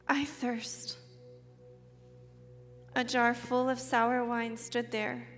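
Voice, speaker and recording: A woman giving a slow, measured and reverent Bible reading. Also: a little high, creaky. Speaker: scripture reader. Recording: reverberant hall with soft music.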